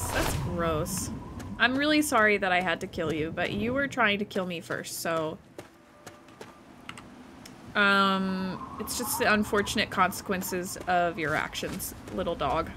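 A young woman streaming a video game for the first time, excitable and giggly, reacting loudly and reading dialogue choices aloud. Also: medium pitch, noisy background. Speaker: gaming streamer. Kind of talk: casual let's-play commentary.

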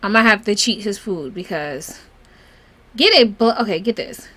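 A woman's voice: mid-range voice, lively intonation, moderate pace, sharp tone. A woman hosting a casual let's play, chatting through the game and talking fondly to her characters. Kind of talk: casual gameplay commentary.

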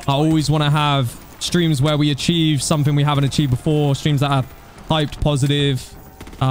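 A young man streaming a game, chatting casually and thanking donors, getting excited at times. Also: fairly high pitch, a little hiss or hum. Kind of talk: casual live-stream chat.

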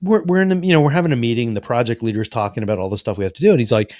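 A man tells a rambling, profane story on a podcast, acting out every quote along the way. His voice sits at an ordinary pitch. The sound is dry and close. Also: racing, few pauses, darkish tone, no room sound. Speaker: podcast co-host. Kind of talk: casual storytelling.

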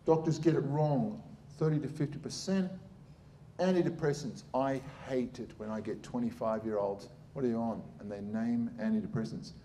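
A middle-aged man holds forth in a lively public talk, blunt and irreverent with a sarcastic edge. His voice sits at an ordinary pitch for a man, with a dark, mellow tone. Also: normal speed, a little hiss or hum. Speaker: surgeon giving a public talk.

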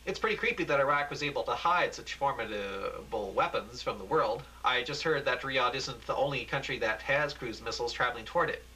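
A man's voice: mid-range voice, brisk, few pauses, sharp tone, slight background noise, close to an everyday voice, rough recording. A man voicing a nervous male field reporter in an amateur radio play, hesitant and stammering.

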